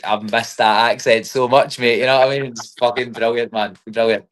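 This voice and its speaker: A man's voice: mid-range voice, fairly even intonation, a little fast, a bit bright. A young man from Scotland with a Scottish accent, a fighter chatting in an interview, filling his talk with "mate". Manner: chatty, says mate and you know what I mean often. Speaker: MMA fighter. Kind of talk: casual interview.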